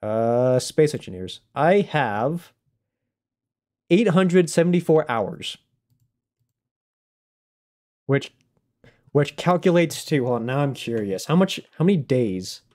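Rambling, mellow-voiced male streamer. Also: mid-range voice, animated, measured pace. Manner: rambling, self-conscious, laughs often. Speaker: game streamer. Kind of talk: casual livestream chat.

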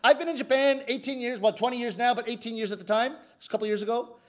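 High-voiced comic storyteller. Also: male voice, fast. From Canada. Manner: animated, exasperated, emphatic. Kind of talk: comedic storytelling.

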